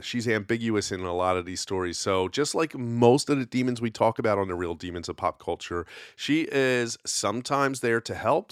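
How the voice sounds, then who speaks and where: A man's voice: lowish voice, fairly bright tone, dry recording, studio quality. A man hosting a casual solo podcast, telling folklore in a rambling, conversational way with lots of fillers. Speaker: podcast host.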